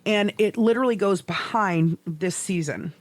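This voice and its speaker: A middle-aged woman co-hosting a podcast, telling stories in a swearing, animated way with laughs, in casual chat. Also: medium pitch, normal speed, dry recording. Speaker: podcast co-host.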